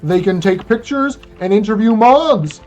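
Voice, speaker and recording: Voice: mid-range voice, animated, a little mellow, highs cut off, soft background music, natural voice. A speedrunner putting on an old-timey news anchor. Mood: grandiose. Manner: grand, slow, theatrical announcer delivery. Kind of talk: acted newscast commentary over a game run.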